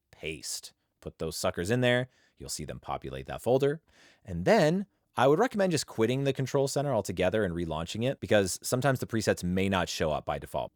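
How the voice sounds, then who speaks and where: A man's voice: fairly low pitch, no room sound, clean studio sound. A man and voice actor walking through an audio interface setup in a chatty, playful tutorial style. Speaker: audio gear reviewer and voice actor. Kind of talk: tutorial walkthrough. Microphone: studio microphone.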